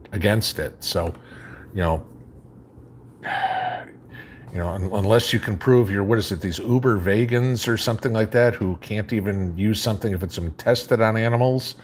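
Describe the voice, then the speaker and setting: A man with a very low voice and a faint Chicago accent hosts a live stream from home. He reads viewer comments aloud and answers them in a relaxed, rambling way. A faint hum sits under his voice. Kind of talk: casual live chat.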